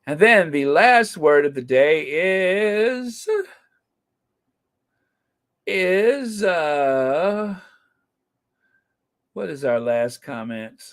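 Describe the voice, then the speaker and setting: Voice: medium pitch, expressive, drawn-out words, pauses often, clean tone. A middle-aged channel host chatting casually on a livestream, playful and given to mock outrage.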